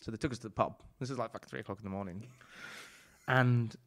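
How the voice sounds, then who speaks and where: A man's voice: lowish voice, steady tone, fast talker, fairly bright tone. A chef rambling through his kitchen stories. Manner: rambling, full of "like" and swearing. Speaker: chef and author, podcast guest. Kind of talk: casual storytelling chat.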